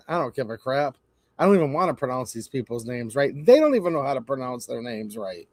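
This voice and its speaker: A man's voice: mid-range voice, sing-song, fast talker, darkish tone, dry recording, studio quality. A man hosting a live stream, giving blunt, opinionated casual commentary and talking straight to his chat.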